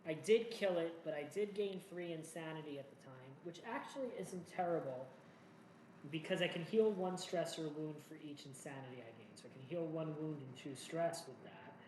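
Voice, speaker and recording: A man's voice: fairly high pitch, moderate pace, darkish tone. A man hosting a solo board game playthrough, chatting through each move in a jokey, self-mocking way. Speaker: solo board game player and channel host. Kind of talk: casual playthrough commentary. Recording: echoey room with faint noise.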